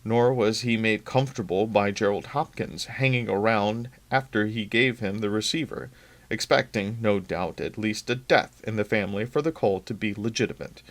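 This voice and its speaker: A man, a regular reader on a local channel, reading a novel aloud in steady, plain narration. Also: fairly low pitch, moderate pace.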